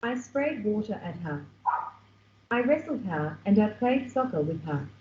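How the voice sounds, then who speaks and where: A text-to-speech woman's voice with an Australian accent, reading a child's story in a simple, clear, natural-sounding way. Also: medium pitch, big pitch swings, a little slow, a little mellow. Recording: echoey, muffled, noisy playback through a shared screen.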